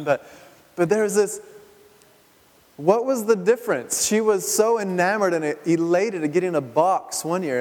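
Male pastor, slightly high voice, chatty sermon style full of rhetorical questions, long church-hall reverb. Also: a little mellow. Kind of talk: conversational sermon.

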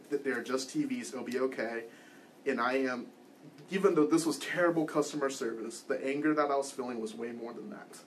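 There's a little hiss or hum behind this man's mid-range voice as he teaches a church class and leads the group. Conversational and loose, he relates a personal story with self-deprecating wit, full of ums and restarts.

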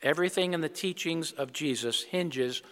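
An older male preacher delivering a sermon in a church. His voice sits slightly high for a man. A long reverb trails behind him as he tells stories and then speaks earnestly. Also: moderate pace, fairly bright tone.

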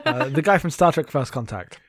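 A man's voice: on the high side, lively intonation, fairly quick, crowd noise. A man co-hosting a podcast in casual chat, rambling and laughing often while recounting films over a remote call. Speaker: podcast co-host. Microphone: remote call mic.

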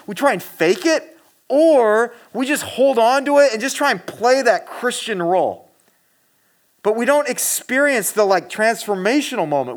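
High-voiced earnest young-style preacher man. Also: a bit bright. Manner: earnest, talks to listeners directly, with many fillers and restarts. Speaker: pastor. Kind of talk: casual conversational sermon. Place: room with a gathered congregation.

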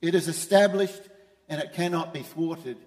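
A man's voice: fairly high pitch, normal speed, darkish tone, in a large hall. A man preaching a sermon as pastor, emphatic and repeating his key phrases. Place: church.

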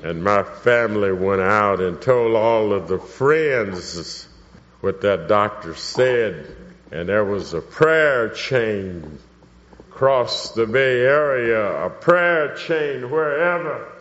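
A man's voice: on the low side, animated, slow, fairly bright tone. A man preaching a sermon with personal testimony, fervently building to emphatic cries. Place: church hall. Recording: dull, reverberant hall recording.

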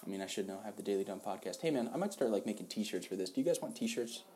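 A young man doing a crude comic podcast bit in a drawn-out, deadpan way. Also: lowish voice. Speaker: podcast host.

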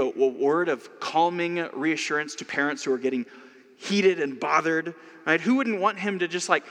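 Man, pastor, conversational sermon, high voice, reverb of a hall. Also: a bit bright. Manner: conversational preaching with asides.

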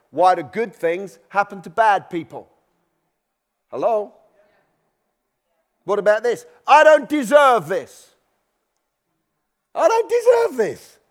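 A man preaching in a church, his voice sitting high for a man. He keeps the sermon conversational and chatty, now and then slipping into the voices of the people he describes. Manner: conversational, acts out worried believers' voices.

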